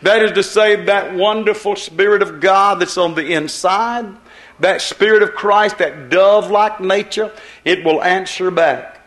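A man's voice: high voice, measured pace, a bit bright. A man preaching a sermon, telling a parable in a rambling, repetitive way. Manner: rambling storytelling with repeated phrases.

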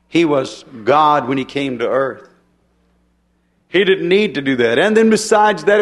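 A man preaching a sermon in a folksy, emphatic way, often turning to the congregation with rhetorical questions. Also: medium pitch.

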